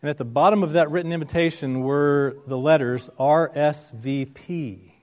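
A man's voice: fairly high pitch, a little mellow. Earnest man preaching a sermon. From United States. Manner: earnest, slows down for emphasis. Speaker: pastor.

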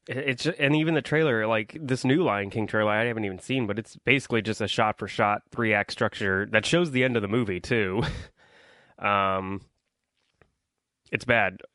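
A man's voice: on the low side, moderate pace, a bit bright, no echo. A young man hosting a solo podcast, rambling through a casual movie review with lots of ums and likes while complaining about his audience. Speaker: podcast host.

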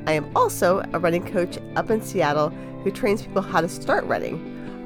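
A woman hosting a podcast and interviewing a guest, upbeat and expressive, a running coach by trade. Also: lowish voice, normal speed, music in the background.

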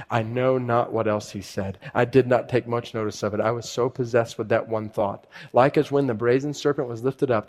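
Preaching a sermon, this pastor talks in a casual, conversational way and reads out a conversion story, his intensity rising and falling from passage to passage. His voice sits in the mid-range and sounds a little mellow.

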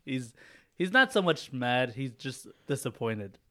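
A man's voice: mid-range voice, measured pace. A man co-hosting a podcast, trading jokes with friends and laughing often. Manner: laughs often, animated and teasing. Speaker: podcast co-host. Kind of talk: casual banter.

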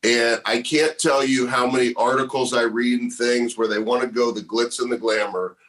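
A man's voice: mid-range voice, fairly even intonation, normal speed, a bit bright, poor audio. Male podcast host, earnest and grateful, casual interview chat.

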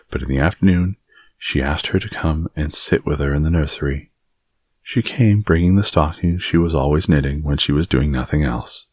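A man reading a novel aloud as an audiobook narrator, in a calm, measured way. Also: rumbling low, slightly rough, no echo, studio quality. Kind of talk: scripted narration.

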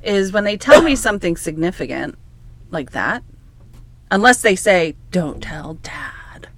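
A woman and podcast co-host in a casual chat, giving relaxed, frank parenting advice. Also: medium pitch, normal speed.

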